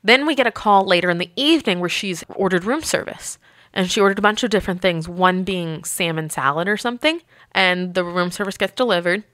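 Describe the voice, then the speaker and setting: A hotel manager telling work stories in a casual, lively way, often acting out the people she quotes. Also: lowish voice, a little fast, no room sound, studio quality. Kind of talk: casual podcast storytelling.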